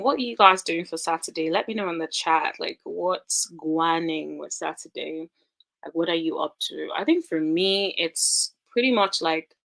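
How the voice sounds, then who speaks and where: Talking straight to her viewers, a young woman with a lowish voice gives casual, rambling commentary on reality TV, full of animated, dramatic exclamations.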